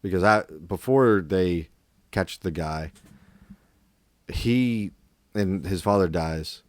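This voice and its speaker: A man co-hosting a podcast, casually retelling film scenes in a rambling, animated way. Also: sits low, slow pace, no echo. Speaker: podcast co-host. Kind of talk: casual movie discussion.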